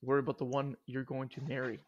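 A man's voice: mid-range voice, little pitch movement, quick pace, muffled recording, a crowd in the background. Young man, podcast co-host, casual chat, joking, slangy. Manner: laid-back, joking, slangy.

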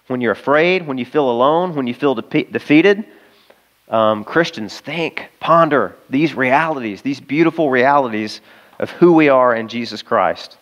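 A man preaching a sermon as pastor, talking casually with the congregation and slowing down to read scripture aloud. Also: mid-range voice, a bit bright. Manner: conversational, asides to the congregation; slows down when reading scripture aloud. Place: church service in a school auditorium.

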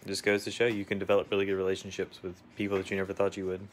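A man's voice: low-pitched, monotone, rapid-fire, a little hiss or hum. A man co-hosting a casual craft livestream, reading viewer comments aloud and joking along.

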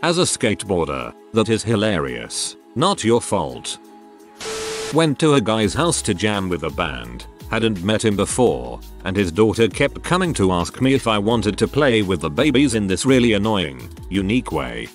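Guy w a lowish voice reading reddit-style stories, lots of ups and downs, soft music behind. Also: very animated, normal speed. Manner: reads online posts aloud in a plain storytelling way. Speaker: narrator. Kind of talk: scripted narration.

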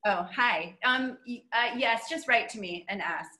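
A woman's voice: a little high, a little slow, sharp tone, rough recording. A woman artist talking casually with guests on a video call. She laughs often.

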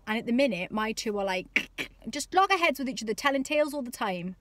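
Chatty mum vlogging, dry sound. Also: female voice, fairly high pitch, animated, a little fast, a bit bright, no echo. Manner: chatty, exasperated, acts out voices. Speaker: parenting vlogger. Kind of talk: casual comic monologue to camera.

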